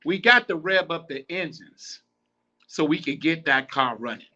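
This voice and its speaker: A man's voice: on the high side, lively intonation, normal speed, bright, forceful tone, dull audio. A man hosting a podcast, giving blunt, profane advice in a casual, preachy, repetitive monologue. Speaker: podcast host.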